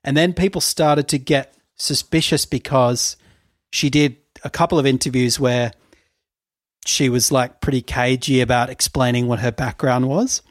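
A man's voice: mid-range voice, steady tone, moderate pace, no echo, studio quality. A man co-hosting a podcast, telling a story in casual chat, full of fillers and laughter. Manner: chatty storytelling, laughs often, many fillers. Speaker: podcast co-host.

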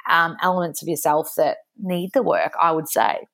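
An Australian woman, a young adult, guesting on a casual podcast chat, telling lively stories full of "like" and acting out both sides of quoted exchanges. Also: low voice, moderate pace, creaky. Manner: chatty storytelling, acting out quoted exchanges, frequent "like".

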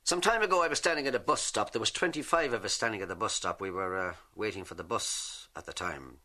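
An Irish man, a comedian, telling jokes and stories in a lively stand-up manner. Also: fairly low pitch, fast talker. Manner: lively storyteller, drawls punchlines.

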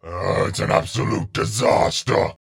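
A man voicing a big spiky turtle monster father who is sheepish, talking slowly and haltingly in a flat gravelly voice. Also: deep voice, exaggerated voice. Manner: slow, halting, flat delivery.

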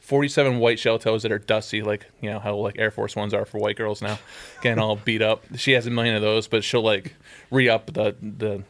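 A man's voice: fairly low pitch, steady tone, a little fast, fairly bright tone. A man in his thirties, a guest on a podcast, telling rambling stories in casual chat and laughing often. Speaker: guest, sneaker customizer.

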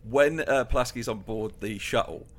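A man's voice: medium pitch, moderate pace, fairly bright tone. A man co-hosting a podcast in loose, rambling casual chat, laughing often. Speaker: podcast co-host.

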